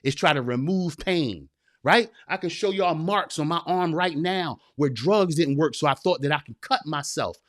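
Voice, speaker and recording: This forties-aged men's coach, a guest on a podcast, speaks at a normal speed in a slightly high, expressive voice. His passionate pep talk is full of repetition and street slang, delivered in a preachy, emphatic way. Studio-quality audio with no room sound.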